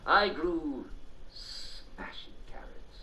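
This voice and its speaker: A man's voice: on the high side, lively intonation, very slow, bright, forceful tone, a little hiss or hum, heavily acted. A man voicing a rambling, jolly mad old English king with a posh English accent and a giggly way of talking. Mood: daft cheer. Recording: roomy, distant, dull game audio.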